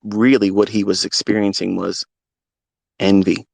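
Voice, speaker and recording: A man of fifty with a low, gravelly voice speaks straight from the heart in a live online audio session, unscripted. He is blunt and emotional and swears freely. The sound is dry and close. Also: level tone, unhurried, no echo. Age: 50s. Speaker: trading mentor. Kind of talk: off-the-cuff live audio talk.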